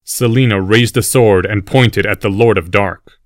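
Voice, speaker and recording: A male narrator reads a fantasy story in a steady, even storytelling manner. His voice is fairly low, and the recording is dry and close-miked. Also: normal speed, dry recording. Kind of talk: scripted audiobook narration.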